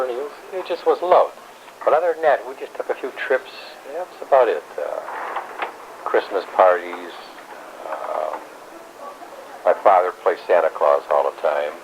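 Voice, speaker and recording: A man's voice: deep voice, expressive, moderate pace. An older man, a grandfather, telling his life story in a rambling, blunt way with some salty language, recorded at home. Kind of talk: casual family storytelling. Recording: dull home recording with faint hiss.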